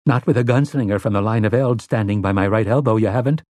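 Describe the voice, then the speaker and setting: A man's voice: on the low side, quick pace, no room sound, clean studio sound, natural voice. A man voicing a fierce, proud middle-aged farm wife who talks sharply in an old-fashioned way. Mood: indignant. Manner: sharp, indignant, archaic speech.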